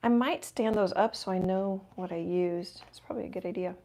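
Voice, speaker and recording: A middle-aged woman hosting a live painting stream, thinking aloud as she works and often dropping to a soft murmur. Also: on the low side, brisk. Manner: self-deprecating, thinking aloud while working, drops to soft murmurs. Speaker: painting livestream host. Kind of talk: casual live painting chat.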